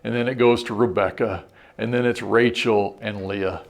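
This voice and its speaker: A man's voice: fairly low pitch, steady tone, normal speed, vocal fry. A middle-aged man preaching a sermon as a pastor, telling a personal story in an earnest, reflective way with frequent restarts.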